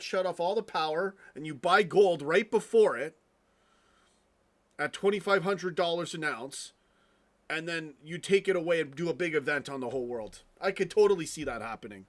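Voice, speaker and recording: A man on a live stream rants in a slightly higher-than-usual voice, swearing freely and tripping over his own words. He keeps turning to chat with his viewers as he goes. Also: a bit bright. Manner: ranting, profane, frequent restarts; chatty asides to viewers. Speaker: fan channel live streamer. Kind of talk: casual live stream rant.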